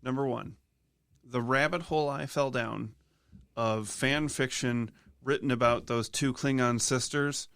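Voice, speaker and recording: A man co-hosting a podcast, talking casually in halting, hedging sentences full of fillers. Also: medium pitch, steady tone, a bit bright, clean tone, no echo, clean studio sound. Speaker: podcast co-host. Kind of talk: casual chat.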